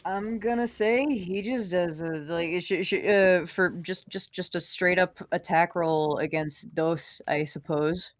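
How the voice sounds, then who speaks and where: A woman's voice: on the low side, fairly even intonation, unhurried, hardly any pauses, dry recording. A woman playing a tabletop game, chatting casually, hesitant and swearing freely. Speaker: player.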